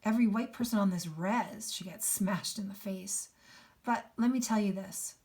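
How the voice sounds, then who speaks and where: An earnest older male teacher weighed down by guilt, as a woman reads him aloud. He speaks in a hushed, urgent way at a middling pitch. It is a plain classroom read-aloud of a novel. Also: normal speed, lightly acted. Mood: intense.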